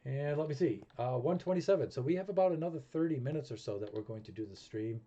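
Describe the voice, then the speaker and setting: Fast and warm, with lively intonation in a mid-range voice, a New England man chats casually through a game stream. He thinks out loud and makes fun of himself as music plays behind.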